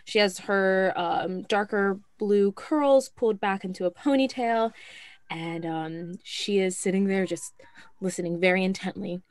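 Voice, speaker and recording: A woman's voice: mid-range voice, a little slow, a little mellow, no room sound. Earnest woman playing a tabletop game. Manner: eager, earnest, hesitant. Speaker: player.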